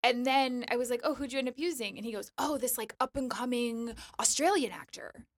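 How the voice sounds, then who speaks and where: A woman with a fairly high voice rattles off a story at a fast clip, slipping into the voices of the people she quotes. She comes across as a lively, casual storyteller among friends. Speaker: guest comedian and actress. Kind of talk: casual chat, anecdote telling.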